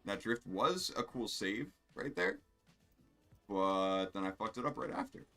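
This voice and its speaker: Low-voiced rambling male streamer. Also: big pitch swings, a little slow, vocal fry, a bit bright, faint music behind. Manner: rambling, profane, self-amused. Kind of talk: casual gameplay commentary.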